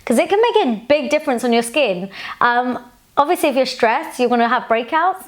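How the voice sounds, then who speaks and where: A woman's voice: sits high, animated, fairly quick. Chatty woman giving frank advice. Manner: chatty and frank, with sassy asides. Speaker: beauty YouTuber answering viewer questions. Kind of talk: casual Q&A vlog.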